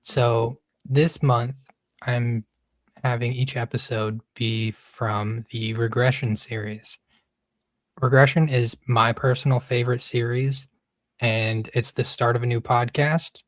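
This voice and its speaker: Laid-back podcast host, dry mic. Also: male voice, mid-range voice, little pitch movement, slow pace, no room sound. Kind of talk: casual chat.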